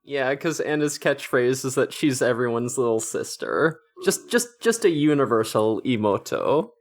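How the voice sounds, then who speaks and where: A man's voice: mid-range voice, animated, normal speed. Sardonic man recapping anime. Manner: sardonic, swears casually, recaps plot at length. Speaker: podcast co-host. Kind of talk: casual chat about an anime episode.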